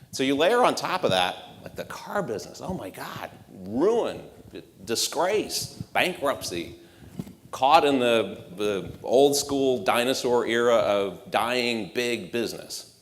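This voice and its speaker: Male marketing exec, on stage, sells the keynote with rhetorical punch and dry wit, deeper voice carried by long hall reverb. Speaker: marketing executive giving a conference talk. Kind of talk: conference keynote speech.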